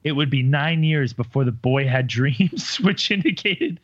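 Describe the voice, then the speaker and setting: A man's voice: fairly high pitch, animated, measured pace, highs cut off, a little hiss or hum. A man in casual group chat, reading stories aloud with stumbles and jokes. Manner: rambling, stumbles over words, joking. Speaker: podcast co-host reading out stories.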